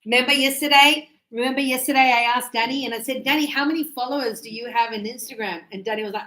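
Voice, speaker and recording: Chatty woman teaching English, high pitch, roomy echo. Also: fast, hardly any pauses. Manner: lively, chatty, acts out everyday dialogues. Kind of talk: classroom English lesson. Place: classroom.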